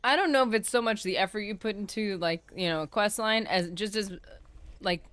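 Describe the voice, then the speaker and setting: A woman game streamer chats with her viewers in a casual, rambling way. Her tone is playful and quick to laugh. Her voice sits at a middle pitch. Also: fairly bright tone. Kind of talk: live gaming stream chat.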